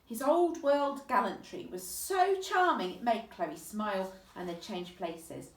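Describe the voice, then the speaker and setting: A woman reading a children's book aloud with expressive, vivid storytelling. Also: mid-range voice, a little slow. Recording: echoey room, distant mic.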